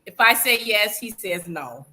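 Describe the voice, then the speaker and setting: Woman, panelist, casual chat, lively pitch, bright tone. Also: measured pace. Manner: laughs while talking, hesitant starts.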